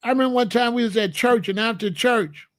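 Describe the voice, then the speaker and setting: Blunt, high-voiced man ranting. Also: fairly quick, no room sound, studio quality. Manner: blunt, emphatic and scolding. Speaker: commentator. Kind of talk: opinionated monologue to a live chat.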